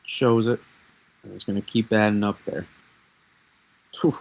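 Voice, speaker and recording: A man's voice: fairly low pitch, little pitch movement, measured pace, gravelly, darkish tone, low-quality recording. A man casually breaking down a snowstorm forecast on a live stream, rambling and answering viewer questions as he goes. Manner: chatty, rambling, restarts and answers chat.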